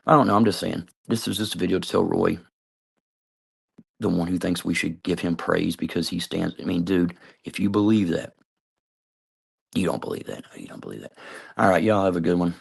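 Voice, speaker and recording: A man with a deep, heavily gravelly voice rants straight to camera, swearing at nearly every turn. His tone is husky and rough. He rambles, calls people out and trails off mid-thought. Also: steady tone, fairly quick. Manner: trails off, hedges with "I don't know". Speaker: video commentator. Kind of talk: rambling profane rant to camera.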